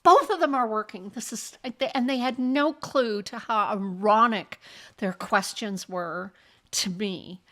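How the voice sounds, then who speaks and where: A woman's voice: mid-range voice, takes it slowly. An older woman hosting a podcast, telling personal stories frankly and acting out the remarks of others, often with a laugh. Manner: animated, acts out quoted remarks. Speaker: podcast host. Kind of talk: personal storytelling monologue.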